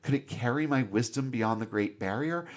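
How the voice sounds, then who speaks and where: Man putting on a slow, hushed smug false god. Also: medium pitch, natural voice. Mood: solemn, ominous. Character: booming false god posing as a deity, smug.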